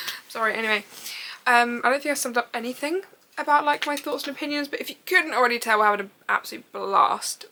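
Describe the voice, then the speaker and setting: A young woman talking straight to her camera in a casual reading vlog. She gushes and giggles, rambles on excitedly and swears now and then. Her voice sits a little high and sounds bright and sharp. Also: fairly quick. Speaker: book vlogger.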